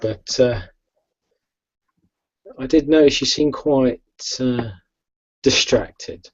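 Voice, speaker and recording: A man playing a proud, blunt male vampire who loves a fight and talks gruffly, trailing off quietly, over a lo-fi video call. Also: medium pitch, drawn-out words.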